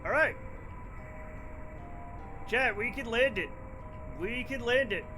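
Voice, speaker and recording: A man's voice: very high-pitched, slow, over music. A young man streaming a space flight game, chatting with his viewers, swearing freely and ranting in mock anger. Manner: animated, answers chat, swears freely, mock-angry rants. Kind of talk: casual live-stream commentary.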